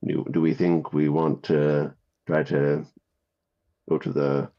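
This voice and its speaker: A man with an extremely deep voice plays in a tabletop game, thinking aloud and laughing at himself. The recording is slightly dull. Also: little pitch movement, slow pace, creaky. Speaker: player.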